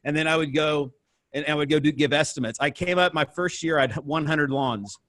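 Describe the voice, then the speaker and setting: An American man from the Midwest, in his thirties, tells his story as an interview guest. His voice sits somewhat high, and he talks in a lively, animated way, acting out the dialogue. The recording is dry and close, with almost no room sound. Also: brisk, no echo. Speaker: entrepreneur guest.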